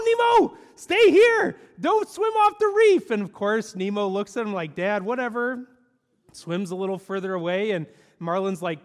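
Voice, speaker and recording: Brief: high-pitched male preacher, casual and animated from the pulpit; long hall reverb. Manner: conversational and animated, with frequent fillers. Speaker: pastor. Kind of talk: sermon. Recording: echoey hall.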